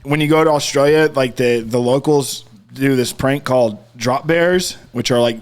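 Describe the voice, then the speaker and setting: A man's voice: medium pitch, moderate pace, smooth. A man co-hosting a podcast, chatting casually and rambling with many fillers and restarts. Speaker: podcast co-host. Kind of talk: casual chat.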